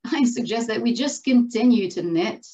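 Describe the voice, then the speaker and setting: A calm, practical shrub spirit from a storybook speaks in a slightly raised voice, as a woman puts it on. The sound is muffled and lo-fi. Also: on the high side, normal speed, far from the mic, lightly acted. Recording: dull lo-fi recording.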